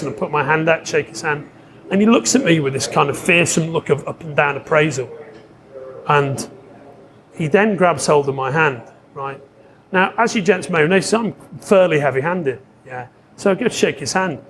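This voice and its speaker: Animated man telling a story. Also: fairly high pitch. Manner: animated storyteller, laughs often and swears. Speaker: podcast guest telling stories. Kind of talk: casual chat.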